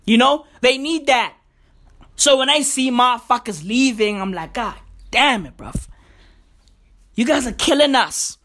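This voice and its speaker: A woman's voice: a little high, fairly bright tone. A woman in a casual monologue, boastful and profane, who keeps repeating the same catchphrases. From South Africa. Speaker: vlogger.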